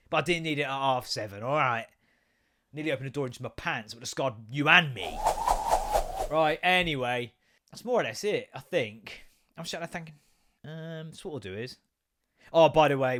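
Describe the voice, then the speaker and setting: A man hosting a podcast, telling a story in a casual, sweary rant. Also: medium pitch. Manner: animated, sweary, mimics voices in anecdotes. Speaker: podcast host.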